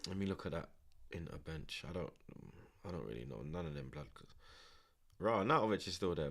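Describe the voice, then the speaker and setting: A young man talking through a football watchalong in a relaxed, slangy way. He repeats each phrase and reads out viewers' comments between plays. His voice sits a little low. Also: brisk, creaky, long pauses. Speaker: streamer hosting a watchalong. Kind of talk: live watchalong commentary and chat reading.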